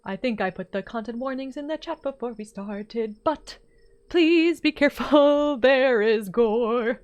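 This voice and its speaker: A woman streaming a horror game, chatting casually in an excitable, jokey way. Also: fairly high pitch, unhurried. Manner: excitable, jokey, laughs often. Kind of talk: casual let's-play commentary.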